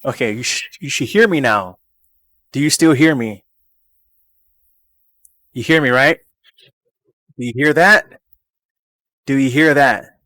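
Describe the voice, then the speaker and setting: A man's voice: fairly high pitch, bright, forceful tone, dry recording. A man chatting casually on a live stream from his home gaming setup into a desk microphone, rambling and repeating phrases over and over.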